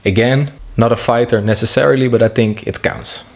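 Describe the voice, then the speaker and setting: A young man narrating a comedic vlog in a jokey, deadpan way, with asides to himself. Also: medium pitch, fairly quick, faint music behind. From half French. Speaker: YouTuber.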